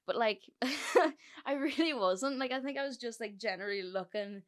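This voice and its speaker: A woman's voice: fairly high pitch, normal speed. A young woman hosting a solo podcast, telling a story in a chatty, sweary way with lots of fillers. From Ireland. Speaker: podcast host.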